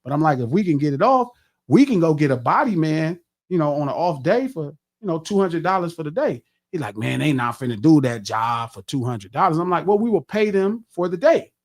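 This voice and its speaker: A man's voice: a little high, fairly quick. A middle-aged man hosting a podcast, telling a long casual story with lots of swearing and acting out what he said to others. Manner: profane, animated, acts out his own quotes. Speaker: podcast host.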